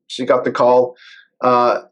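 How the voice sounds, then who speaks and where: A man speaks as a guest in a casual interview. He explains things in a measured, conversational way. His voice sits at a middle pitch. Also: monotone, fairly bright tone, lo-fi sound. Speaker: guest, cybersecurity lawyer.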